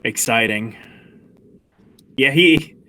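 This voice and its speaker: A man playing a tabletop game in character, deadpan and often laughing at his own jokes. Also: medium pitch, drawn-out words, dry recording, rough recording. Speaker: player.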